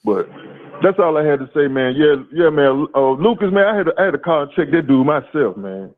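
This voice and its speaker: A caller, a man whose voice sits a touch high, comes through a thin, tinny phone line. He talks in a rapid, animated, profane way and keeps stammering over repeated words. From Louisiana, USA. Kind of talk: casual call-in storytelling. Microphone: phone call.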